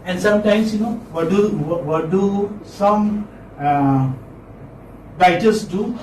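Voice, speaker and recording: Slow, high-voiced man teaching phonetics. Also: a little mellow. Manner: repeats words slowly, quizzes students. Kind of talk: classroom lecture. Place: classroom. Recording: echoey classroom, distant mic, faint noise.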